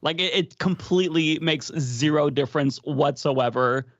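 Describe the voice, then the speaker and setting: A man chatting casually on a podcast, retelling a story quickly and wryly. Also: fairly high pitch, dull audio. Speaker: podcast host. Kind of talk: casual chat.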